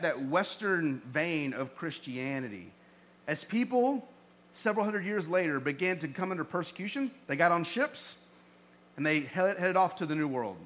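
Bright high-voiced man preaching. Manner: conversational preaching, animated emphasis. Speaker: pastor. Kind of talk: sermon.

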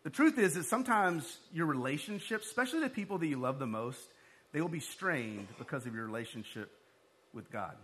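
Male pastor, high bright voice, sermon, chatty storytelling delivery. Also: brisk, breathy edge. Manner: conversational storytelling, animated when excited.

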